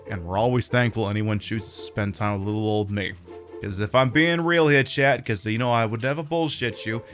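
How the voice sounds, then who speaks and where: A man's voice: mid-range voice, a bit bright. A man who streams as a drag queen, chatting casually and profanely to his audience and using lots of fillers. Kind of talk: casual livestream chat.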